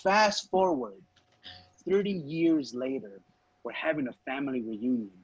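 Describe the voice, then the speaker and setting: A man's voice: medium pitch, very animated, measured pace, breathy edge, no echo, highs cut off. A man co-hosting a podcast, telling a story in casual chat, swearing freely and acting out his relatives' lines. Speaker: podcast co-host.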